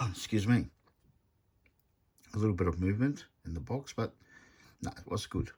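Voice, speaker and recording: Blunt, husky repair man. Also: lowish voice, lively intonation, normal speed, a little mellow. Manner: blunt, chatty storyteller, retells arguments animatedly. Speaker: electronics repair technician. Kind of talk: casual workshop vlog.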